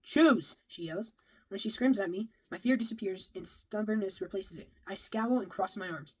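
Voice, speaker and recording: A woman with a mid-range, darkish, slightly rough voice briskly reads a first-person novel aloud over poor audio. Now and then she stumbles and rereads a phrase.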